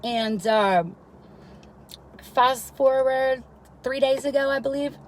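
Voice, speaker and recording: A high-pitched woman takes her time telling a long personal story on a live stream, on a low-quality recording with slight background noise. She's a mother who rambles, swears frequently, and keeps checking in by asking "right?"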